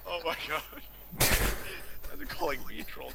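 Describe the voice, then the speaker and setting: A man chimes in on a strategy game broadcast, poking fun at himself as he banters with his co-hosts. Keyboard clicks and typing come through clearly behind his voice. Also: medium pitch, huge pitch swings, unhurried, long pauses, heavy background noise. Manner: self-deprecating, playful. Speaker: game commentator. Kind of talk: live game commentary.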